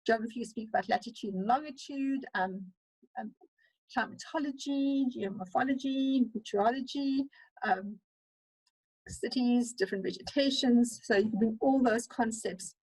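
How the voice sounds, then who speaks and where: A woman lecturer with a South African accent teaching an online webinar, talking fast and animatedly with frequent fillers. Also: a little high, darkish tone, husky, no echo, rough recording. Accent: South African English. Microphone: computer mic on a video call.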